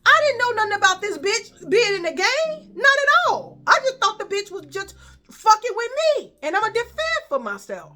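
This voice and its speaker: A woman with a Chicago accent tells a story straight to the camera, loose and profane. She jumps into the voices of the people in it as she goes. Her voice sits high and bright. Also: moderate pace. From Chicago, USA. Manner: animated, profane, acts out quoted voices. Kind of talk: casual storytime.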